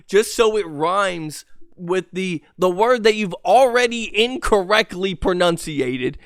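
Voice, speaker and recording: A man's voice: high-pitched, no room sound, studio quality. Ranting man with a lisp. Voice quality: lisp and stutter. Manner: profane, exasperated ranting with laughs and restarts. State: voice going hoarse. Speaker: podcast host. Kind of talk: solo podcast rant.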